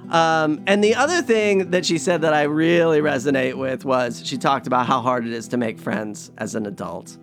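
A man's voice: a little high, normal speed, hardly any pauses, over music. A man telling stories in a casual, rambling, self-mocking monologue as a podcast host.

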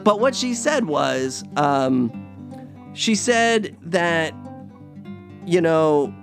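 A man's voice: a little high, lively intonation, extremely slow, vocal fry, faint music behind. Chatty man rambling through stories. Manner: rambling, chatty, self-mocking. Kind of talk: casual storytelling monologue.

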